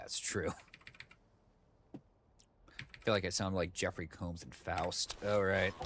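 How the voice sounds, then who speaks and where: A man's voice: sits low, a little hiss or hum. A man streaming a video game, chatting casually in a rambling way with plenty of fillers and asides, at home on a desk mic. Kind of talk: casual let's-play commentary.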